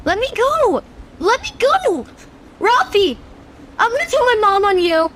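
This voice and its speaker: A woman voicing a frightened little boy in a comedic fan audio drama, pleading shrilly and rushing his words. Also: very high-pitched, big pitch swings, a bit bright, voice pushed up, exaggerated voice. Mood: panicked. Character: whiny little boy, scared and tattling.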